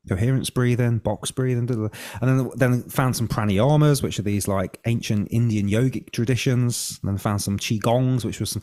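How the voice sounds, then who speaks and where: A man's voice: mid-range voice, darkish tone. A man, a breath coach, telling his story as a podcast guest, candid and casual, sometimes swearing and acting out his own past thoughts.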